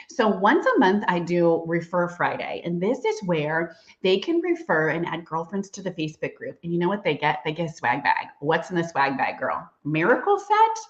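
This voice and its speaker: Bubbly fast-talking woman sales trainer. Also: lowish voice, highs cut off. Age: middle-aged. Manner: fast, bubbly and chatty, calling listeners girl and y'all. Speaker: sales director giving a training. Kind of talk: live-streamed sales training. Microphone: computer mic on a live stream.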